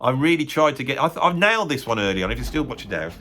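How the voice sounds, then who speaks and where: A man's voice: mid-range voice, very animated, racing, few pauses, pushed and bright. A middle-aged man with a West Midlands accent, rambling self-deprecatingly to camera as a music-critic YouTuber, full of tag questions. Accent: West Midlands English. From West Midlands, England. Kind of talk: rambling casual monologue to camera.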